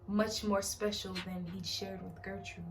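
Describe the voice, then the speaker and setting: A woman's voice: medium pitch, flat delivery, measured pace. Woman reading a book aloud over music. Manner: reads aloud, breaks off to joke and laugh at the text. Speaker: book reader and channel host. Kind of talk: casual book reading with comedic asides. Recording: distant mic with background music.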